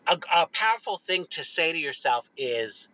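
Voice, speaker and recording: A woman around sixty telling a personal childhood story to camera, expressive, dropping low for emphasis. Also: moderate pace, poor audio. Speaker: social media storyteller.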